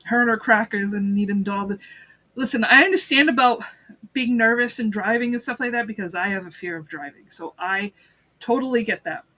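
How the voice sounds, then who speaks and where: Bright, giggly woman with a slightly high voice. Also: brisk. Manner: laughs often, swears, acts out quoted lines. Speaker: podcast co-host. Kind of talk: casual recap chat.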